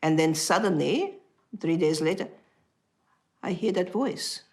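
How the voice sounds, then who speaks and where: A woman from Australia with an Italian-sounding accent, telling her story in a casual interview with animated restarts. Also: lowish voice, measured pace, pauses often. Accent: Italian-sounding, from foreign accent syndrome.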